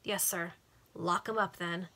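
A woman's voice: on the low side, fairly even intonation, measured pace, pushed and bright. A woman voicing a pompous, overbearing male police inspector who gives curt commands. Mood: commanding. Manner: curt, commanding, self-important.

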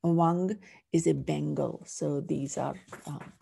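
A woman's voice: low voice, steady tone, takes it slowly, creaky, mellow, breathy edge. A middle-aged woman teaching a language class, patiently sounding out each letter before saying the whole word. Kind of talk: slow, patient phonics lesson.

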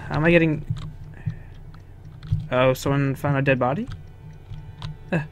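A man's voice: medium pitch, fairly even intonation, unhurried. A young man casually commenting on his own gameplay, swearing, chuckling and talking to himself. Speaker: gaming video host. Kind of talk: casual let's-play commentary.

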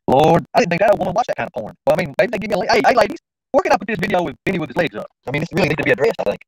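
A man's voice: high-pitched, sing-song, very fast, breathy edge, poor audio. A man hosting a casual live stream, rambling and informal, often talking to himself as he works the screen. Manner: rambling, talks to himself while fiddling with the stream; informal, slangy. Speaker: livestream host.

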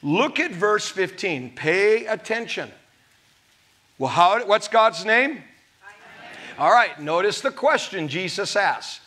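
A man's voice: high voice, lively intonation, takes it slowly, bright, forceful tone. A middle-aged male pastor preaching a sermon to his congregation, laughing often and acting out voices from scripture.

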